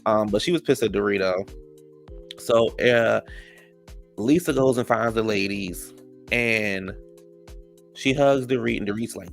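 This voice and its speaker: A man's voice: lowish voice, measured pace, vocal fry, pauses often, faint music behind. A man giving a sassy, gossipy casual recap of a reality show, calling listeners "child" and "honey.". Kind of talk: casual episode recap commentary.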